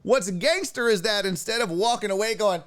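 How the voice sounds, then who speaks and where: A man hosting a casual streamed sports talk show, profane and excitable, chatting with his viewers. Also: sits high, normal speed, no room sound. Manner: profane, excitable, talks to chat.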